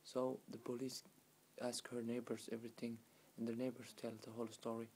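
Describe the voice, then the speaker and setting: A man casually retelling a folk tale in broken, non-native English, halting with restarts and filler phrases. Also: medium pitch, monotone, a little mellow, a little hiss or hum. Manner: halting, with many restarts and "you know" fillers. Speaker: storyteller.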